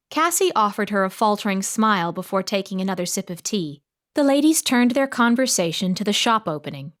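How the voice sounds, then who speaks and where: Woman reading a cozy mystery audiobook, steady even storytelling. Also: mid-range voice, a little fast. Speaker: audiobook narrator. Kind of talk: scripted narration.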